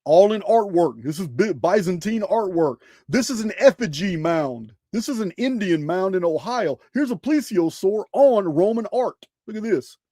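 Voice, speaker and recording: A man's voice: sits high, expressive, normal speed, few pauses, mellow, no room sound, studio quality. A man hosting a show, talking casually over slides, emphatic and full of rhetorical questions, often restarting his phrases. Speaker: host presenting slides.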